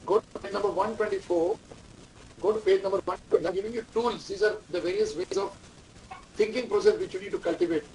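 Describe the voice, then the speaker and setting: A management lecturer speaks fast in a high, steady, slightly mellow voice. He keeps repeating key terms, putting questions to the class, and dictating instructions. The mic is distant, with faint room noise.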